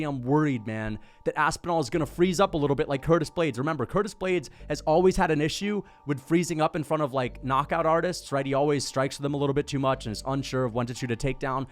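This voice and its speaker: Excitable, profane man giving MMA commentary. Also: fairly high pitch. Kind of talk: casual commentary.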